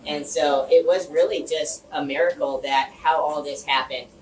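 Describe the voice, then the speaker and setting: A man's voice: on the high side, moderate pace. Man telling a rambling story in an echoey room. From Los Angeles area, United States. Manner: animated, rambling storyteller who restarts phrases and uses "like" and "you know" often. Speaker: speaker addressing a community group. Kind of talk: personal storytelling speech. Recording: echoey room, mic far off, faint hum.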